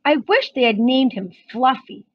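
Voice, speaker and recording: A woman's voice: high voice, animated, moderate pace, no room sound, dull audio. A woman doing a grumbling, put-upon tomcat. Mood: glum. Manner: muttering, glum. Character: grumbling put-upon house cat, male.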